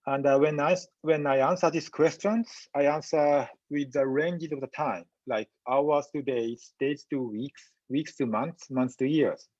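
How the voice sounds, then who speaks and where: A man giving a medical lecture in a webinar, speaking in a halting, measured way with frequent pauses and fillers. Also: fairly high pitch, darkish tone, dry recording, dull audio. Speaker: physician lecturer.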